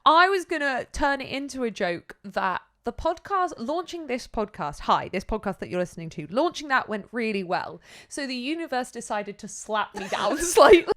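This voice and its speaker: A woman in her thirties with an English accent, co-hosting a book podcast in casual chat, laughing often and tossing in quick asides. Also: on the high side, sing-song, a bit bright. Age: 30s. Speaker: podcast co-host.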